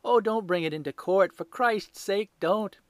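A man voicing a terrified young male hotel thief who pleads desperately with a shrill, high voice. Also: a little fast, no echo, natural voice. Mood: pleading.

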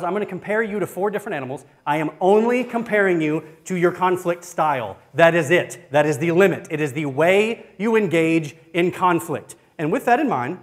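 Earnest man teaching a church workshop. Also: high-pitched. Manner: conversational, earnest, frequent restarts and fillers. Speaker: family life minister. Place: church hall.

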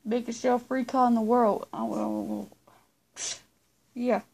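A woman's voice: on the high side, level tone, a little slow, gravelly, warm tone, husky. A woman vlogger chatting casually to her viewers, rambling and repeating herself as she talks. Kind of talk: casual vlog chat to viewers.

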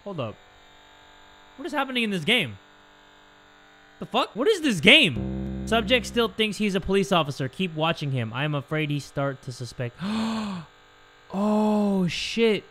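Lively, bright-voiced young man gaming. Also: sits high, a little slow, long pauses, soft background music. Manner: goofy, excitable, swears often, jokes to viewers. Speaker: gaming YouTuber. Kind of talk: horror game commentary.

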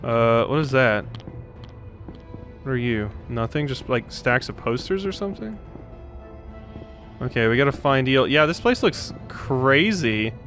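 A man's voice: mid-range voice, animated, unhurried, long pauses, fairly bright tone, soft background music. A man hosting a let's play, thinking aloud through a puzzle and poking fun at himself. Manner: self-deprecating, thinks aloud. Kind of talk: gaming commentary.

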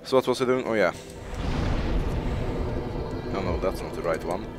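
A young gaming streamer rambles through live commentary while playing, self-mocking and laughing and swearing a lot. His voice is low-pitched and expressive at a moderate pace, heard over loud music.

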